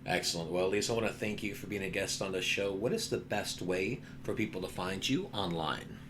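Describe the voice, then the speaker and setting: A man's voice: low voice, a little fast, noisy background. A man hosting an interview podcast, asking brief scripted questions and giving wrap-ups. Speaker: podcast host.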